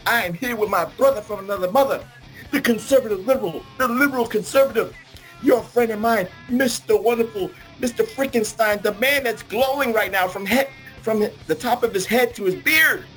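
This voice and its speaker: A man hosting a casual podcast over a video call, excitable and theatrical, with grandiose self-introductions. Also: high voice, a little fast, soft background music, poor audio. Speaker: podcast host. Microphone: remote video call.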